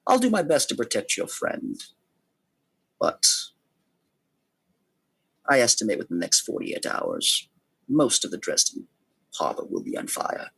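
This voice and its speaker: A man voicing a scheming patron who talks in a slow, measured way. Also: fairly low pitch, wildly swooping pitch, gravelly, fairly bright tone, breathy edge, full character voice. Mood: cold.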